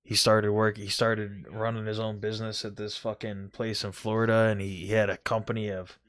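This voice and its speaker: A man's voice: fairly low pitch, flat delivery, a little fast, a bit bright. A man telling a rambling, profane story about a gaming friend from his home gaming setup, full of restarts and quoted dialogue. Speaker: gaming video host. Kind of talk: casual storytelling monologue.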